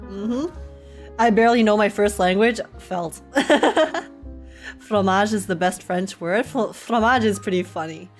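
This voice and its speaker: A woman's voice: mid-range voice, takes it slowly, faint music behind. A young woman from Canada chatting and laughing often while live-streaming a game. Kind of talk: live gameplay chat.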